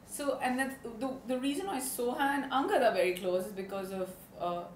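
A woman, telling chatty, animated stories as an interview guest and laughing often. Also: on the high side, a little fast. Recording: roomy studio with faint background noise.

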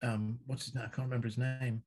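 A man's voice: medium pitch, little pitch movement, quick pace, a little mellow, poor audio. A man co-hosting a podcast and answering horror trivia, talking casually and searching for words with ums and restarts. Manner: hesitant, with many ums and restarts. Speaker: podcast co-host and trivia player.

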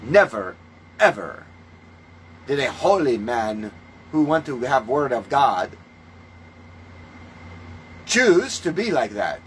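A man preaching in a ranting monologue, scornful and full of swearing, moving between calm teaching and loud outbursts. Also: medium pitch, slow pace, pauses often, a little hiss or hum, poor audio. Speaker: self-styled religious preacher.

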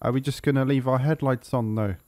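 A man's voice: mid-range voice, fairly even intonation, fairly quick, darkish tone, no echo. A young man giving casual, sarcastic gameplay commentary, swearing freely and yelping when startled. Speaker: gaming commentator.

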